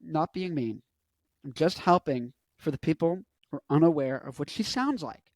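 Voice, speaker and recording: A man's voice: a little high, animated, normal speed, a little mellow, no room sound. A man in his twenties giving a casual commentary monologue, rambling and interrupting himself with joking asides. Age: 20s. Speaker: vlogger.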